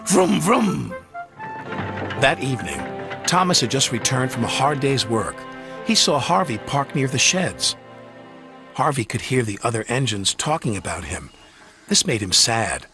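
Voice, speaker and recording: A man gently narrating a children's railway storybook over music. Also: medium pitch, very animated, normal speed. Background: background music.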